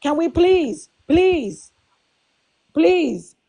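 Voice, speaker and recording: Indignant high-voiced woman arguing. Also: very animated, very slow, vocal fry, dark tone, dull audio. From Hispanic background. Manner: indignant, emphatic, repeats points. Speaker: debate panelist. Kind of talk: heated live debate.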